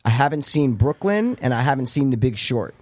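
Young dude cohosting a podcast, rambling and cussing, super dry close sound. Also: male voice, mid-range voice, sing-song, a little fast, a little mellow, no echo. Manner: laid-back, rambling, swears often. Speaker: podcast co-host. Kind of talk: casual chat.

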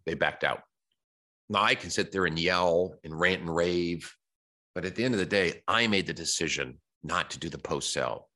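Blunt, very deep-voiced man. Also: bright, forceful tone. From United States. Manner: blunt, direct, tells personal stories. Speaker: podcast host. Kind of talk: motivational sales talk.

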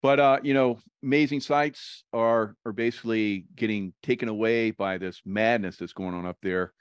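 A man with a low, smooth, resonant voice hosting a casual interview. He muses aloud before turning to his guest with a question. The sound is close and dry, with no room echo. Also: steady tone, moderate pace. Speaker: host.

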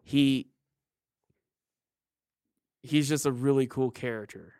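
A man's voice: mid-range voice, fairly even intonation, slow, darkish tone, dry recording, studio quality. A man co-hosting a podcast, chatting casually about a video game, rambling and restarting his sentences. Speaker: podcast co-host.

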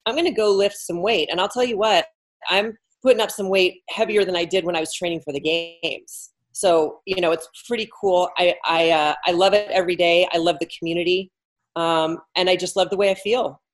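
A woman's voice: lowish voice, fairly even intonation, fairly quick. A woman in her fifties, a former athlete talking candidly as a podcast guest, blunt and self-mocking. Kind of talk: candid casual interview talk.

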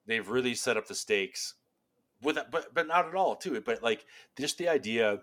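A man's voice: mid-range voice, lively intonation, normal speed, a bit bright. A man co-hosting a casual fan discussion, thinking aloud with many restarts and rambling questions. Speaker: podcast co-host.

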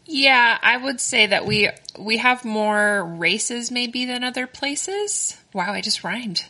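Bright-voiced giggly woman. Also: on the high side, lively intonation, takes it slowly. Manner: giggly, rambling, says like a lot. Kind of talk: casual chat.

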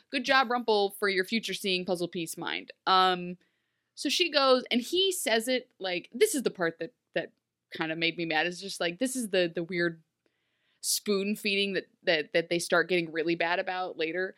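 A woman co-hosting a casual chat, animated and quick to laugh, often dropping into little character voices. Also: lowish voice, clear, resonant tone. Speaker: podcast co-host recapping a TV episode.

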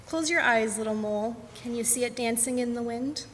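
A woman voicing a gentle, loving mother mole who speaks softly and reassuringly, in a storybook reading. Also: a little high, brisk, lightly acted. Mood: tender. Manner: soft, soothing, reassuring. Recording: echoey church hall, faint hum.

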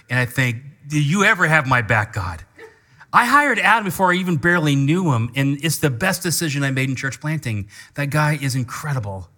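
Bright-voiced pastor preaching with passion. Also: male voice, mid-range voice. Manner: passionate, rising to loud emphatic scripture reading; leads congregation in call-and-response. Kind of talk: sermon.

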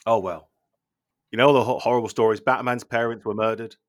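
A man in a mid-pitched voice, playing a film director as a guest on a comedy podcast. He rambles in a deadpan way and trips over his words. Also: fairly quick. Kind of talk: comic chat in character.

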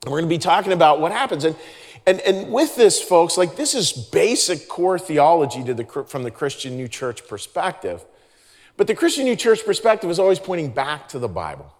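A man's voice: fairly high pitch, big pitch swings, fairly quick. A man preaching a sermon as pastor. He talks earnestly and conversationally, often restarting his sentences. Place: large church hall. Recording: reverberant church hall.

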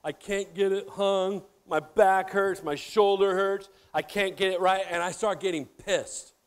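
A middle-aged man preaching a sermon, animated and joking, talking straight to his congregation. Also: high voice, unhurried, clear, resonant tone. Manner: animated, jokey, addresses audience directly. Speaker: pastor.

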